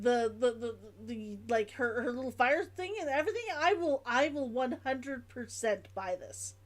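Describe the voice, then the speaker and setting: A woman streamer chatting casually while playing a game, gushing, giggling and repeating herself. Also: high-pitched. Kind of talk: casual live-stream chat.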